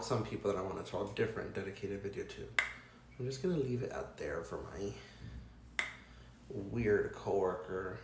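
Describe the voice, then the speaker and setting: A man's voice: mid-range voice, noisy background. A young man telling a storytime rant, exasperated and profane, rambling with lots of fillers. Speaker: vlogger. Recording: echoey room.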